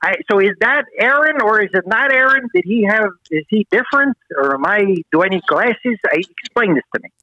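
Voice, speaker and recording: A man's voice: high-pitched, animated, a little fast, few pauses, bright, forceful tone, no room sound, lo-fi sound. A man doing a rambling old-school uncle caller. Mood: rambling folksy. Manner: rambling, folksy, easily confused. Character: fussy old-school elderly uncle calling in.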